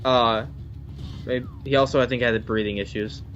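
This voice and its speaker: A young co-host of a gameplay channel talks casually while his friend plays, rambling with restarts and self-corrections. He speaks at a moderate pace in a slightly bright, mid-range voice with fairly even intonation. Faint game music plays behind the slightly dull lo-fi mic.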